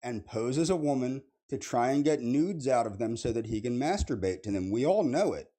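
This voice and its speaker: A man heard in a clip played on a stream, making an accusation. His voice sits at a middling pitch, and he circles back to the same charge again and again. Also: animated, normal speed, mellow.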